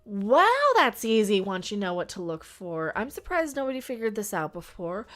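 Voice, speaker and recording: A woman's voice: medium pitch, lively intonation, moderate pace, hardly any pauses, fairly bright tone. A woman streaming live who has worn her voice out, musing aloud as she goes, repeating phrases and trailing off in casual chat. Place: Las Vegas, indoors.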